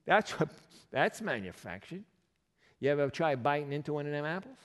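Animated preaching man in a reverberant hall. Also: a little high, a little fast. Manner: animated, conversational preaching with rhetorical questions. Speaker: pastor. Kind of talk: sermon.

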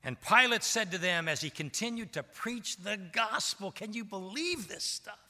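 A man's voice: high voice, animated, normal speed, bright, forceful tone. Male pastor preaching in a reverberant hall. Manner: emphatic, asks the congregation for responses. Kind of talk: sermon.

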